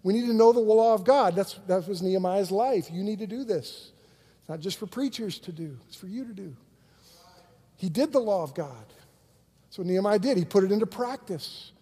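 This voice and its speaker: Man pastor, high mellow voice, energetic sermon, acts out quotes, church hall reverb. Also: moderate pace, husky.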